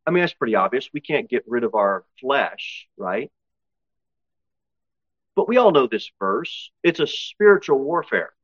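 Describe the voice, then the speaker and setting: A man preaching a sermon, swinging from loud exhortation to low, intense asides and slowing down to read scripture aloud. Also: big pitch swings, no echo. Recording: dull, dry lo-fi recording.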